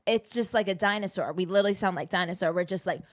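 A woman's voice: fairly low pitch, fast. A young woman co-hosting a casual podcast, telling stories with lots of swearing and giggles. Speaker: podcast co-host. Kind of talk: casual chat.

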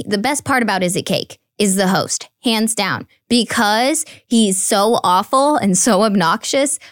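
A young woman hosts a podcast in easy, chatty conversation, bubbly and playful with frequent laughter. Her voice sits at an ordinary middle pitch and is recorded close and dry, with no room sound at all. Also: expressive, a little slow, dry recording. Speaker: podcast host. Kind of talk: casual chat.

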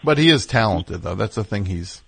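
A man's voice: fairly low pitch, normal speed, vocal fry, slightly rough, no room sound. A man hosting a call-in radio show, chatting loosely with callers in a rambling way full of fillers. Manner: relaxed, rambling, many fillers. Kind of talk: casual call-in chat.

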